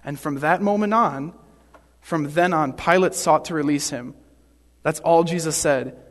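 Preacher, male, fairly high voice, earnest sermon delivery, long hall reverb. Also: unhurried.

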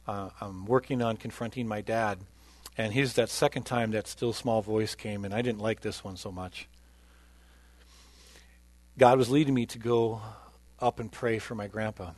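Earnest lower-voiced male pastor. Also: no echo. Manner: earnest, swings between loud emphasis and quiet. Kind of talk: sermon with personal testimony.

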